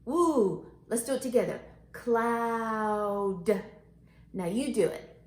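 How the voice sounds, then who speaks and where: Animated teacher woman, sing-song voice. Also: fairly high pitch, reverberant. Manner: animated, sing-song, stretches words out slowly. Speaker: kindergarten teacher. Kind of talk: phonics lesson for young children.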